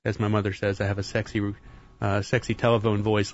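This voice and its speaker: A man's voice: fairly low pitch, flat delivery, fairly quick. A man hosting a morning radio talk show, chatty and joking as he gives the call-in details. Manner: chatty, joking, reads station call-in info. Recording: dull lo-fi radio broadcast.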